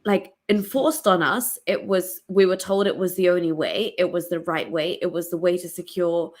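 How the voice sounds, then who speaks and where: Woman, podcast host, lowish voice, earnest, reflective. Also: steady tone, normal speed, darkish tone. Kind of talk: casual podcast conversation.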